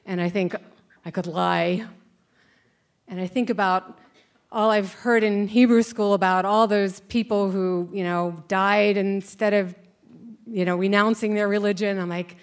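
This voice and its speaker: A woman's voice: on the low side, steady tone, unhurried. Woman telling a story on stage. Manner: conversational, wry, acts out voices. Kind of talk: live personal storytelling on stage. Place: stage before a live audience.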